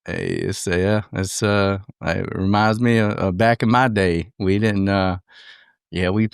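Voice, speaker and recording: A man with a slight Southern American accent opens and guides a podcast in an upbeat way. His voice sits low and sounds smooth. The recording is close and dry. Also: steady tone, unhurried, no echo. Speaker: podcast host. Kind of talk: podcast introduction and chat.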